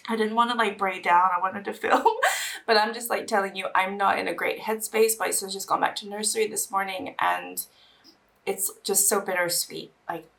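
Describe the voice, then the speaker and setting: A young beauty vlogger does casual get-ready-with-me chat, emotional and teary, sighing between bursts of talk. Her mid-range voice has vocal fry, a bit of brightness, fairly even intonation and a moderate pace, and she's a little off-mic, recorded from a distance.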